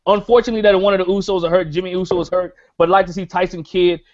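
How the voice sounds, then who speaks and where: A man's voice: sits high, fairly even intonation, very fast, darkish tone. Hyped man opening a podcast. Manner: hype announcer, repeats phrases. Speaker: podcast host. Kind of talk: show-opening podcast chat. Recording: dull lo-fi call audio.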